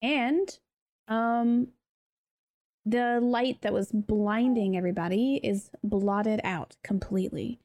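A woman's voice: mid-range voice, slow, a little mellow. A woman running a tabletop role-playing game, narrating the scene in a chatty way with many fillers. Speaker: game master.

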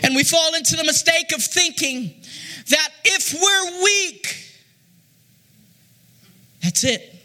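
High, bright-voiced preacher half-singing his sermon. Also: expressive, slow, long pauses. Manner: rises into sung, shouted preaching cadence.

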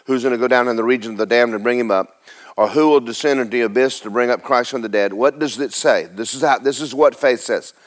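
A man's voice: medium pitch, fast. Male preacher, church sermon, casual delivery with repeated words and questions to the congregation. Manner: conversational preaching with repetitions and rhetorical questions.

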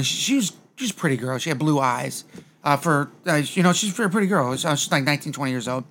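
A man's voice: a little high, animated, fast, fairly bright tone. A man hosting a podcast in casual chat, rambling through a story with frequent restarts. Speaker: podcast host.

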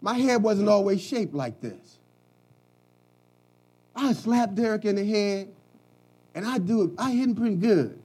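Middle-aged male preacher from Philadelphia, very high voice, shouted sermon peaks. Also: expressive, a little slow, long pauses, breathy edge. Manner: preaching with rising shouted emphasis.

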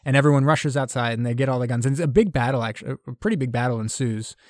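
A man chats casually on a podcast, retelling a war film scene by scene and dropping into short quoted lines along the way. His pitch sits in an ordinary middle range. The sound is dry and close. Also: darkish tone, no room sound. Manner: rambling retelling with quick acted quotes. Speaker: podcast co-host. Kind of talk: casual film recap chat.

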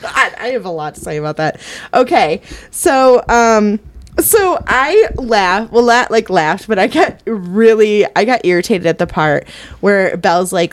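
A woman's voice: medium pitch, expressive, a little slow. A young woman co-hosting a podcast, chatting casually and giggling as she reviews a movie. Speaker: podcast co-host.

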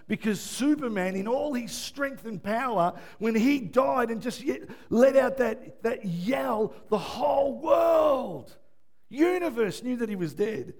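A preacher with a high-pitched voice delivers a sermon. He drops to a near-murmur, then climbs to full shouts, and often stops to ask the congregation "yeah?". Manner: swings from hushed to shouting, asks "yeah?". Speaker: pastor.

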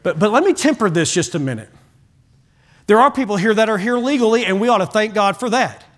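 A middle-aged man preaching a sermon to his church, telling animated stories and often repeating words as he starts a line. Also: sits high, a little fast. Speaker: pastor.

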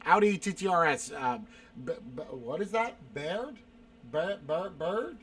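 In a relaxed stream chat, this South Carolina man reads out viewers' questions and snaps back profane one-word replies, sometimes bursting out in exasperation. He speaks unhurriedly, with a high, fairly bright voice and lively intonation.

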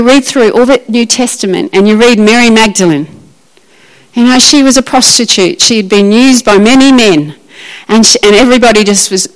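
A woman preaches with lively emphasis, her voice sitting fairly high. She acts out Bible scenes as she goes, pressing points home with repetition. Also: rough recording. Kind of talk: sermon.

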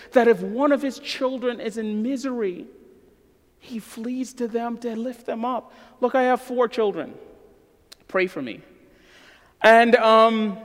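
Earnest high-voiced preaching man. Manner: earnest, emphatic preaching that drops to a soft prayer. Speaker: pastor. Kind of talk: sermon. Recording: long hall reverb.

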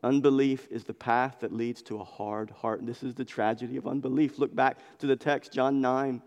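A man's voice: mid-range voice, fairly even intonation, moderate pace, darkish tone, lo-fi sound. Impassioned male preacher in a reverberant hall. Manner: impassioned, emphatic, repeats phrases for emphasis. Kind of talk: expository sermon. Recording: long reverb of a large hall.

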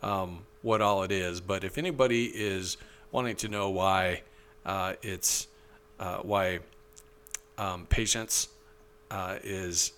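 A man co-hosting a podcast, chatting casually in a halting, easygoing way full of fillers. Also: low-pitched, fairly even intonation, fairly bright tone, clean tone. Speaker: podcast co-host. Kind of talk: casual chat.

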